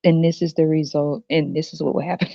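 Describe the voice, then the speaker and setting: A woman's voice: sits low, fairly even intonation, moderate pace, creaky, warm tone, dry recording. A woman hosting a podcast, ranting in a blunt, crude, mocking way and laughing often. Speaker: podcast host. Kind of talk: ranting casual monologue. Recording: dull lo-fi dry recording.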